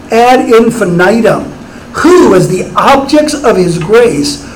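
A man's voice: sits high, slight background noise, poor audio. A middle-aged man preaching a sermon as pastor, emphatic and rising on his rhetorical questions.

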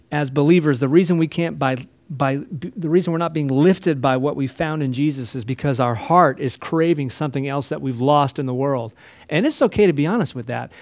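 A man's voice: on the high side, a little mellow, no echo. A male pastor giving an earnest, conversational sermon, often checking in with his listeners. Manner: earnest, conversational preaching with frequent "right?" asides.

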